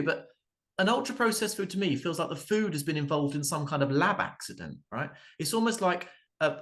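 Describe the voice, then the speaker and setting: A man, performing a stand-up comedy set in a halting way, with many fillers, restarts and dry asides. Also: high voice, a bit bright. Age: 30s.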